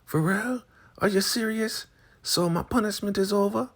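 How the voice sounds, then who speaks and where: A man voicing a shrill, indignant elderly woman elder who squeals in outrage. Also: animated, brisk, gravelly, husky, exaggerated voice. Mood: gleeful.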